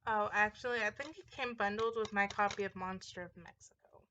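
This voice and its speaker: Showing her movie collection in a vlog, a young woman chats casually, rambling fairly quickly with plenty of fillers and small laughs. Her medium-pitched voice sounds pushed and bright, and the lo-fi recording has a little hiss or hum.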